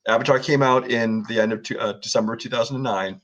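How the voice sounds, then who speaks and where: A man's voice: mid-range voice, steady tone, quick pace, fairly bright tone, dull audio. A man co-hosting a casual movie review show, critical, chiming in with corrections and complaints. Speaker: podcast co-host.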